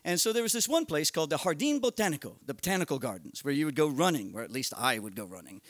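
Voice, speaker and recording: A middle-aged American man telling a comic story at a live storytelling night, animated, profane and self-mocking, building tension with quick run-on narration. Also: a little high, no echo, studio quality. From United States. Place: live storytelling event at a bar.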